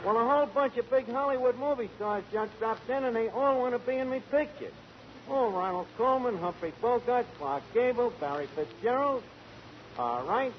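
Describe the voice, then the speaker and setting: Casting: a scheming wise-guy barkeep, lively highish voice, hissy old radio broadcast. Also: dull audio. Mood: wisecracking. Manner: brash, fast-talking, mangled grammar. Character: brash fast-talking tavern manager, a scheming wise guy. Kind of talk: 1940s radio comedy.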